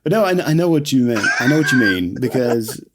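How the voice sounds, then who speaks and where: A man's voice: mid-range voice, big pitch swings, fairly quick, very noisy. A man raised in the American South, casually recapping a film scene by scene as podcast co-host, laughing often. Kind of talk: casual movie recap chat.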